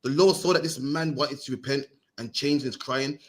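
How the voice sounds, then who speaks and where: A man leading a Bible class in a fast, slangy style, tacking "man" onto his lines and urging the reader on. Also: medium pitch, steady tone. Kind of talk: lively street-style Bible teaching.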